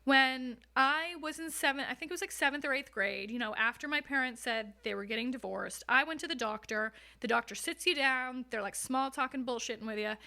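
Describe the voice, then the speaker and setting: A young woman talks openly as a podcast guest, her voice fairly high and bright. She tells hard personal stories in a frank, casual way, swearing freely and laughing at times. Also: a little fast, creaky, few pauses. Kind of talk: candid conversational storytelling.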